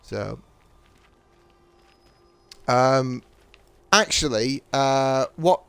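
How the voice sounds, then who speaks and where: A man's voice: mid-range voice, lively intonation, drawn-out words, gravelly, a bit bright, clear, resonant tone, no echo. A man with a British accent chatting casually while gaming, rambling with many fillers and restarts. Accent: British English. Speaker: streamer.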